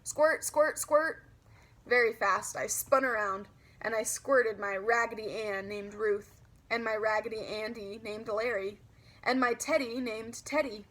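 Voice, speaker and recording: A woman narrating a children's audiobook in a lively, childlike storytelling manner. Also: fairly high pitch, unhurried.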